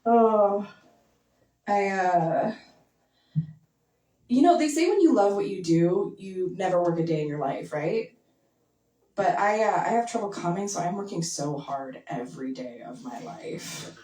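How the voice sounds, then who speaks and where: A young woman doing a stand-up set in a basement club, talking casually and deadpan, full of likes and ums. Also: on the low side, unhurried, pauses often. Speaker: stand-up comedian. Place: basement comedy venue with audience. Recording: echoey basement, mic heard from a distance.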